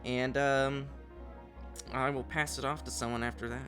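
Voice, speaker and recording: A man's voice: medium pitch, level tone, moderate pace, soft background music. A man co-hosting an anime podcast, talking in an easygoing, slightly hesitant way. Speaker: podcast co-host. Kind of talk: casual chat.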